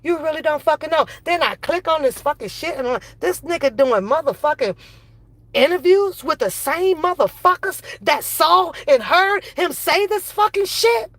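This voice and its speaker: A woman's voice: high voice, animated, moderate pace, a bit bright, dry recording. A woman ranting angrily in a commentary video, profane and repetitive. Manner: heated, profane, repeats phrases. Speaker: commentary vlogger.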